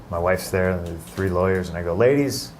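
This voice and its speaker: A man giving an interview in a casual, halting way, with many restarts and fillers. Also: sits low, monotone, slight background noise. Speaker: interview guest.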